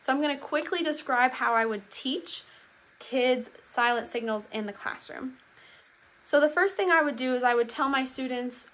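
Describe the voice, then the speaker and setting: A young woman preschool teacher explaining classroom routines to other teachers, upbeat and clear, now and then acting out the call-and-response chants she uses. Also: high-pitched, moderate pace, a bit bright. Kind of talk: instructional talk to teachers.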